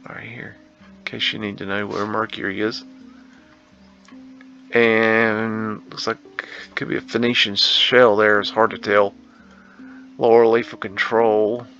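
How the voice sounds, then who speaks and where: A man talks slowly through a casual photo tour, musing aloud and tossing in slangy asides. His voice has a bright, forceful edge. The recording sounds dull and lo-fi, with faint guitar music playing underneath. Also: lowish voice, flat delivery, creaky. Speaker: host.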